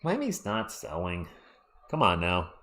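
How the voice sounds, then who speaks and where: A man, hoarse and losing his voice, doing fan play-by-play on a live stream and ranting about referee calls. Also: low-pitched, huge pitch swings, unhurried, a bit bright.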